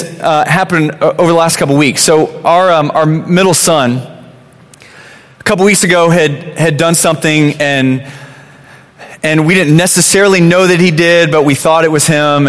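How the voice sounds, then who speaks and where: A man's voice: on the high side, a bit bright. A man in his thirties preaching a sermon in a church hall, in a casual, conversational way, often repeating words and saying "you know". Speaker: pastor. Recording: long reverb of a large hall.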